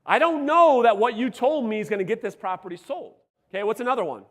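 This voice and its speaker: Male sales coach, high voice going hoarse, punchy and profane, working a seminar crowd in a reverberant hall. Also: quick pace. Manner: energetic, profane, calls out to the audience. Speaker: real estate sales coach. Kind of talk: live seminar talk to a room. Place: seminar room before a live audience.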